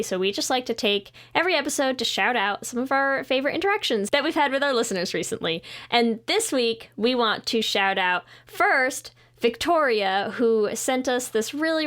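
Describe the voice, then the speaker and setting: Upbeat young woman cohost doing shoutouts, higher voice, brisk. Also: lively intonation. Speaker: podcast co-host. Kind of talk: casual podcast chat.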